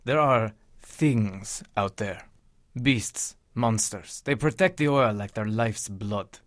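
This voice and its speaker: A man's voice: lowish voice, slow, dry recording. Grim barfly, man voicing him, dry close sound, warning tone. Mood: ominous. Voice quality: grim, cautious. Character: wary grim Russian drinker in a pub. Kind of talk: audio drama acting.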